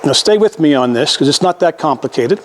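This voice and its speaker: An older man gives a folksy history lecture, his voice sitting a little high for a man. He talks conversationally and often repeats or restarts his words as he works through his slides. A faint hum of room noise runs underneath. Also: animated, a little fast.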